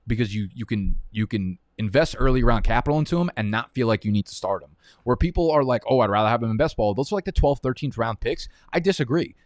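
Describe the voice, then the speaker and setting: A man's voice: mid-range voice, no room sound, studio quality. A man hosting a live fantasy football draft stream, talking in a profane, heated, rambling way.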